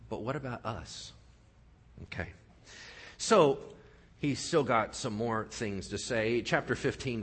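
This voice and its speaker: A man preaching a sermon, animated and sarcastic, often acting out the voices of the people he quotes. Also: lowish voice. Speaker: pastor.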